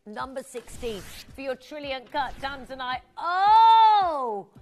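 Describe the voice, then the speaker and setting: A woman hosting a live shopping channel, her voice pitched a little high. She gushes with exclamations and chats warmly with viewers as she sells gems. Faint music plays underneath. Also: expressive, normal speed. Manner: gushing, exclamatory, chatty with viewers. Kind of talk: live TV jewelry selling.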